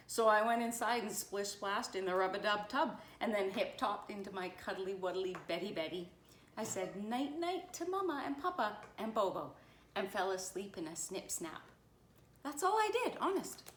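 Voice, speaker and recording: A woman voicing a chattering young schoolgirl in a storybook, pleading in a high, rapid voice. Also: animated, a little hiss or hum, lightly acted. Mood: earnest. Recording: roomy echo.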